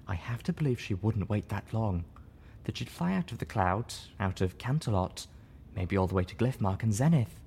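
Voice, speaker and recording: A man voicing a gentle, sorrowful mare, speaking softly and morosely. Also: lowish voice, animated, moderate pace, creaky, husky, full character voice. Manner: soft, morose.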